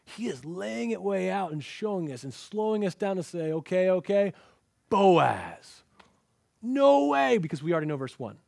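A man delivers a lively sermon, dramatizing the story as he goes. His voice sits fairly high for a man. The recording is dry and close, with little room sound. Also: brisk, gravelly, hardly any pauses, no room sound. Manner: animated storytelling, acts out quoted lines. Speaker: pastor. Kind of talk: expository sermon.

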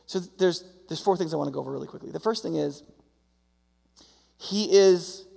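A man's voice: a little high, brisk, gravelly, mellow. A man preaching a sermon as pastor, talking conversationally and often checking in with "right?". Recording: long hall reverb.

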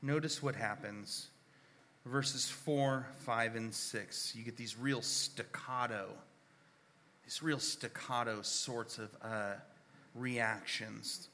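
Slow, earnest male preacher. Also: medium pitch, steady tone, sharp tone, long reverb tail. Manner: unhurried, earnest, drops to a near whisper when reading scripture. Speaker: pastor. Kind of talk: sermon.

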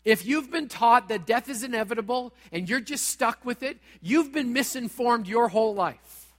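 Guy preaching a dramatic sermon, pretty high voice, big reverby church. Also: normal speed. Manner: dramatic, direct, acts out quoted voices. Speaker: pastor.

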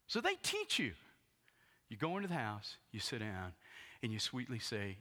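Pastor guy preaching, bright voice all over the place, acts out the story, long echo like a big church. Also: on the high side, wildly swooping pitch, normal speed. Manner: dramatic retelling, acting out voices, swinging from hushed to loud. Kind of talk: sermon. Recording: long hall reverb.

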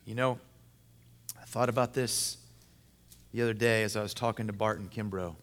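A man preaching a sermon to a men's gathering, emphatic and repetitive, moving between loud, rising passages and hushed, intense ones. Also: fairly low pitch, steady tone, normal speed. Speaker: pastor. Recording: long hall reverb.

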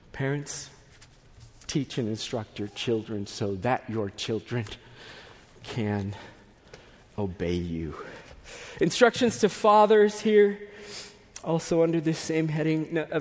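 A man's voice: medium pitch, long reverb tail. A man preaching a sermon as pastor, telling stories conversationally with asides and restarts.

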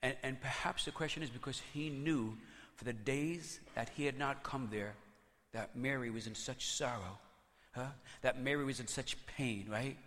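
A man preaching a sermon as pastor, conversational and animated, telling stories with playful asides. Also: mid-range voice, normal speed, big-room sound.

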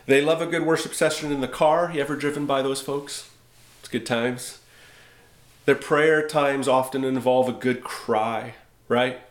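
A man preaching a sermon as pastor, conversational and wry, slowing down for emphasis. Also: mid-range voice, steady tone, reverberant. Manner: conversational, wry, with dramatic slowdowns. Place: church sanctuary.

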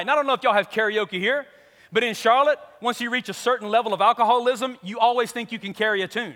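A man with a very high, bright voice preaches to a crowd, spinning a funny story and slipping into the voices of its characters. His words ring out with the long reverb of a large hall. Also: quick pace. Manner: animated, comic, acts out the people in his story. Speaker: pastor. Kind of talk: storytelling sermon.

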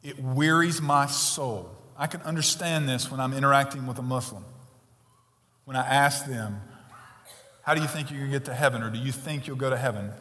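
A man preaching a sermon as pastor, swinging between quiet earnest stretches and loud emphatic passages. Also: mid-range voice, moderate pace. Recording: long reverb of a large hall.

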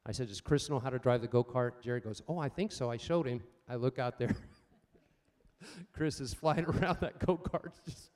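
An older man preaching a sermon, swinging between loud emphatic points and quiet personal stories, calling out for amens. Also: mid-range voice, normal speed. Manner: asks the congregation for amens. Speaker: pastor.

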